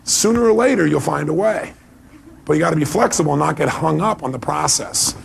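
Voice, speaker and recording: A man's voice: a little high, expressive, brisk, vocal fry. A man giving a motivational seminar talk, pressing the audience with emphatic rhetorical questions. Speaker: motivational speaker.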